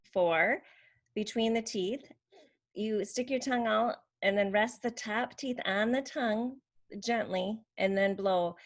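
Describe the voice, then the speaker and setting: A woman teaching how to make speech sounds, explaining patiently and demonstrating each sound. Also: mid-range voice. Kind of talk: slow instructional demonstration.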